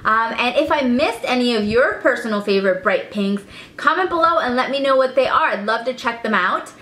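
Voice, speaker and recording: A woman's voice: fairly high pitch, animated, a little fast, sharp tone. A woman vlogger chatting enthusiastically through a casual product review at home. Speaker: beauty vlogger. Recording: echoey room.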